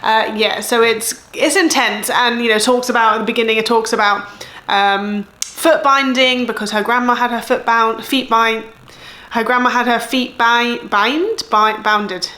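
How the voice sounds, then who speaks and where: A woman's voice: fairly high pitch, fairly even intonation, measured pace, sharp tone, echoey room. A woman in her thirties with an English accent, chatting casually about her month of reading, rambling and correcting herself as she goes. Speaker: book vlogger. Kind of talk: casual chat.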